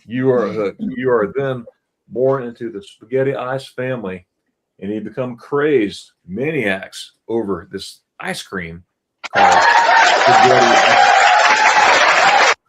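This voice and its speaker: Animated middle-aged man telling stories. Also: mid-range voice, unhurried, noisy background. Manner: animated storytelling, quizzing listeners. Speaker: host. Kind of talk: casual live-stream chat.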